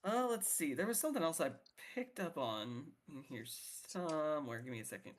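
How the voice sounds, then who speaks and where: A man with a slightly high voice co-hosts a casual Bible discussion. He is playful, jokes along and laughs easily. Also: expressive, brisk. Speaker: podcast co-host.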